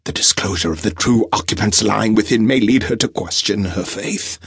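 A man voicing a frail, dying old professor who speaks in a gravelly, raspy voice with labored breath. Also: on the low side, moderate pace, fairly bright tone, no room sound, studio quality, full character voice. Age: older. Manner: labored breathing, urgent pleading.

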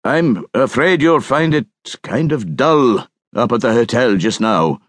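A man playing a shy, awkward bank agent who speaks haltingly and gloomily. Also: medium pitch, lively intonation, no echo, voice pushed up. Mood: gloomy.

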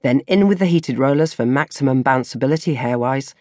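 A woman narrating a comic diary audiobook with animated, mock-dramatic delivery. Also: very deep voice, fairly quick, no echo, studio quality.

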